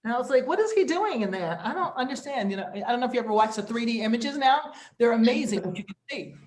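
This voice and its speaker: A woman's voice: on the high side, quick pace, roomy sound. Chatty middle-aged woman doing stand-up. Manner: chatty, animated storytelling. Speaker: stand-up comedian. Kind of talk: stand-up comedy set.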